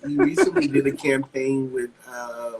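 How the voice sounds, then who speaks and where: A man co-hosting an interview, cutting in with quick teasing remarks. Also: mid-range voice, wildly swooping pitch. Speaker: podcast co-host. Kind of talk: casual interview chat. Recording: loud background noise.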